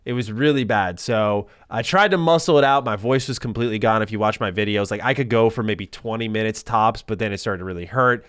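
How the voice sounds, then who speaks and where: A man's voice: fairly low pitch, fairly quick, hardly any pauses, a bit bright, smooth, dry recording, studio quality. A man hosting a casual podcast, upbeat and chatty, his voice still recovering from illness. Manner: upbeat, chatty, laughs easily. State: recovering voice, occasional cough. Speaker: podcast host.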